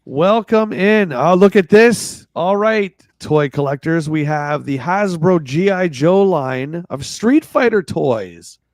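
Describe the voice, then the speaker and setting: Man, casual livestream co-host, reads aloud with sarcastic asides, lively swooping pitch, dry close sound. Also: slow pace, hardly any pauses, dry recording. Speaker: podcast co-host. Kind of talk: casual livestream chat reading a magazine.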